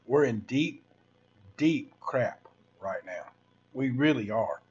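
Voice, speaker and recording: A man's voice: medium pitch, lively intonation, takes it slowly, darkish tone, breathy edge, muffled recording. A man, ranting casually to viewers on his livestream in a rambling, preachy way. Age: 60s. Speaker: livestream host.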